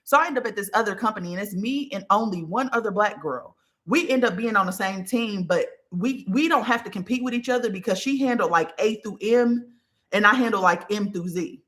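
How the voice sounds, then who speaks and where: A woman in her thirties talks through a personal story in a loose, casual monologue. Her voice is bright and forward, and she swears freely and builds up animated tellings. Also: medium pitch, a little fast. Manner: candid, profane, animated storytelling. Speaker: podcast host.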